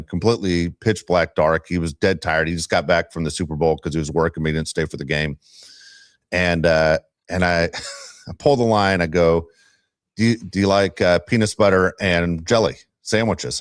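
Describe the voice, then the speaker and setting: Podcast host, middle-aged man, low-pitched, lively storyteller on a dry mic. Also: dry recording. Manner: animated storyteller, ranting, laughs often. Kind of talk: casual sports podcast chat.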